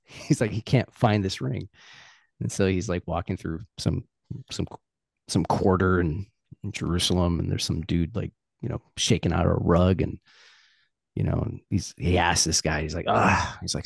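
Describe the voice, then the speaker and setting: A man's voice: sits low, moderate pace, gravelly, husky, dry recording, studio quality. A man in a casual podcast chat, telling a story with lots of acted-out dialogue. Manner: animated storyteller acting out quoted characters. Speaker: podcast guest.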